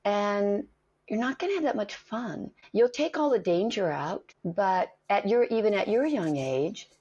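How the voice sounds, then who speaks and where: A woman's voice: medium pitch, unhurried, slightly rough. A middle-aged woman, an acting coach, telling stories in a conversation and acting out the voices in them. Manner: animated storyteller, acts out quoted voices. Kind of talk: storytelling in a conversation. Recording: dull lo-fi recording.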